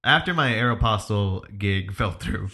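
A man chats casually with a friend and starts a story of his own. His voice sits fairly low but sounds bright. He talks loosely and swears freely. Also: expressive, creaky. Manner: loose and profane, quick reactions.

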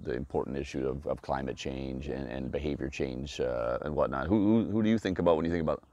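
Low-voiced man in casual chat. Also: fast talker, dull audio. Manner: animated, acts out voices of others; frequent restarts and "you know". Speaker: podcast host. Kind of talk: casual conversation.

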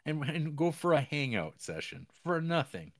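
A man co-hosting a podcast, recapping a series in a rambling, animated way with many fillers and squeaky put-on voices for characters. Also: moderate pace. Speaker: podcast co-host. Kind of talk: casual film recap chat.

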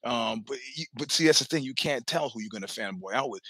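A middle-aged man telling profane, animated stories in casual chat, acting out the voices he quotes. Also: medium pitch, fast, husky, no room sound. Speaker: podcast host telling stories. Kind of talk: casual storytelling.

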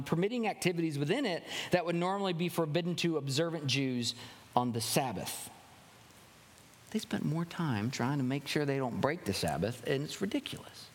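A male pastor giving a conversational sermon with animated, wry asides. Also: on the high side, normal speed. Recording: long hall reverb.

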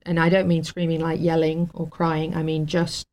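Talk-show guest, woman, lower register, tells stories warmly with lots of fillers and laughter. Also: monotone, normal speed. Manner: warm and emotional, laughs often, many fillers. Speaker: guest telling a story. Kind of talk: casual storytelling on a talk show.

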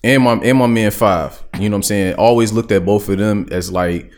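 Deep-voiced laid-back male co-host. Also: normal speed, darkish tone. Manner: laid-back, repeats "you know what I'm saying". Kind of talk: casual chat.

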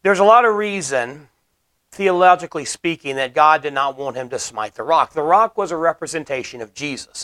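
A man delivers a sermon with earnest conviction, his voice sitting somewhat high for a man. He explains scripture plainly and drives points home by repeating them. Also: a bit bright. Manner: earnest, explanatory preaching with emphatic repetition. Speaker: preacher.

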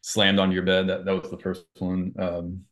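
Low-voiced man prompting his co-host. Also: completely flat delivery, moderate pace, fairly bright tone. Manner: prompting, recounting the other's stories back to him. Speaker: podcast co-host. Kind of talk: casual interview chat.

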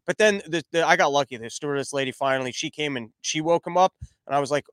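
A man's voice: on the high side, expressive, fast, a bit bright, dry recording. A man telling a rambling comic story, full of stammered restarts. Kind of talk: comedic storytelling monologue.

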